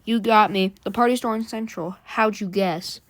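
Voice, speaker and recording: A woman voicing a calm, creepy male scarecrow villain from a comic, speaking softly with a mocking edge. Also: medium pitch, moderate pace, natural voice.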